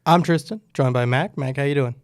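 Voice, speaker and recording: Young male podcast host, casual and joking, slightly strained voice, gravelly texture, dry close mic. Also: mid-range voice, brisk, no echo. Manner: loose, joking, with many restarts. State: losing his voice. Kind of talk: casual sports podcast chat.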